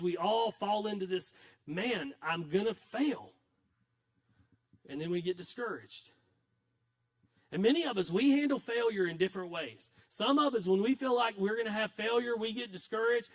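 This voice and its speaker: A male pastor preaching a sermon in a conversational, self-deprecating storytelling manner. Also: high-pitched.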